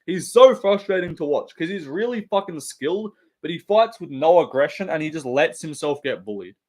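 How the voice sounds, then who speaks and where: A man's voice: fairly high pitch, lively intonation, moderate pace, darkish tone. Blunt, sweary Australian man. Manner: rambling, heavy swearing, blunt opinions. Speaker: live stream host. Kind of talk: casual live stream chat.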